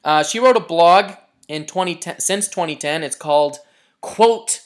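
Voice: mid-range voice, a little slow. A podcast co-host from Chicago in casual banter, joking around, swearing and tossing in silly accents.

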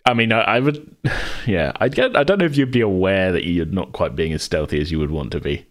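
Low-voiced man running the game. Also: lively intonation, fairly quick. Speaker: game master. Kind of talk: narrating a tabletop game.

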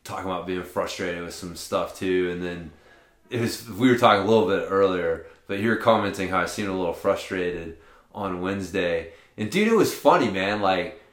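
Man, low voice, casual podcast chat, rambling, swears a lot, roomy echo. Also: normal speed. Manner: rambling, swears freely, many restarts. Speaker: podcast co-host.

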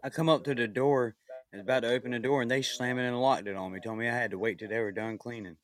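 A man's voice: mid-range voice, steady tone, quick pace. A man co-hosting a podcast, talking in brash, slangy casual chat and arguing contrarian points.

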